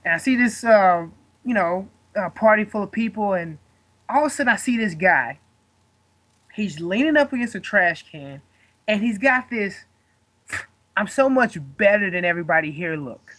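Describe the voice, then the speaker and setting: A man's voice: high voice, animated, moderate pace, pushed and bright. A man in his twenties, a guest fighter, telling a story in casual chat, rambling and swearing with lots of fillers.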